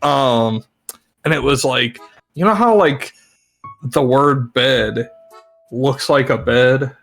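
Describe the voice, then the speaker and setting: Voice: mid-range voice, slow, gravelly, fairly bright tone, soft background music. A young adult guest on a livestream, easygoing and a little bemused, talking through hesitant fillers. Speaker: guest on a stream. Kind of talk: casual chat on a livestream.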